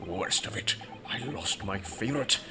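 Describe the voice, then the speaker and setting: A man's voice: fairly low pitch, expressive, normal speed, close to an everyday voice. A man doing a pompous old British army man. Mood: boastful. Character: blustering older British retired army man. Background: game music.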